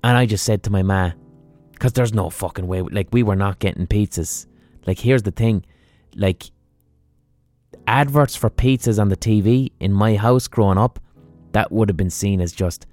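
Irish male podcast host, lowish voice, animated, sweary storytelling, faint music behind. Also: moderate pace, no echo. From Ireland. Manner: animated, sweary, impersonates his mother. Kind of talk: comic storytelling monologue.

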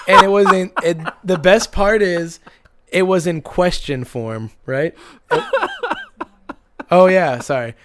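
A man's voice: a little high, takes it slowly, pauses often. A young man co-hosting a podcast, chatting casually and rambling through stories while laughing often. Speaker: podcast co-host. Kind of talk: casual chat.

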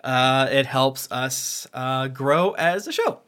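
A man's voice: medium pitch, slow pace, a bit bright. A man hosting a podcast, reading listener reviews aloud in a playful, joking way. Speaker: podcast host.

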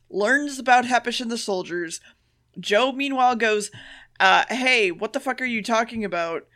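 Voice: medium pitch, a bit bright. Profane, offhand podcast recapper. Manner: profane, offhand retelling with quick quoted voices. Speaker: podcast co-host. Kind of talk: casual episode recap.

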